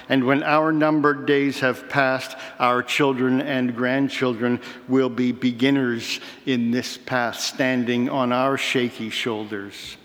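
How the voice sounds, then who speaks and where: A man preaching a sermon in a measured, reflective way, with slow emphatic pauses. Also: mid-range voice. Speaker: pastor. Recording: reverberant hall.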